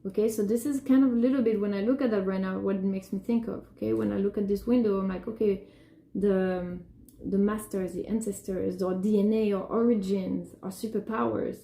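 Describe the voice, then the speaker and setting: A woman's voice: medium pitch, fairly even intonation, brisk, creaky, mellow. Rambling, emotional woman in an echoey room. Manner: rambling, emotional, many restarts and "like". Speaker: artist talking about her work. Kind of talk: unscripted personal monologue.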